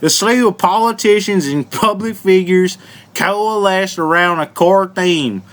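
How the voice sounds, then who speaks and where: A man doing a mock Southern hillbilly voice with a put-on American Southern accent, reading an article aloud slowly and deliberately stumbling over words. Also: high voice, a bit bright. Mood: mock-earnest drawl. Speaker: vlogger.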